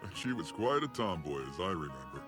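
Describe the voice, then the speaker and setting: An actor voicing a gruff, aging male ninja sage in an anime dub, speaking in a deep, gravelly, teasing and reflective way. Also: big pitch swings, fairly quick, music in the background. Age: older. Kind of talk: anime English dub acting.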